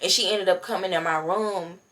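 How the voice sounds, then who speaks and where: A woman's voice: fairly low pitch, fairly even intonation, moderate pace, fairly bright tone. A young woman vlogger telling a casual storytime, chatty and slangy, talking straight to her viewers with many fillers.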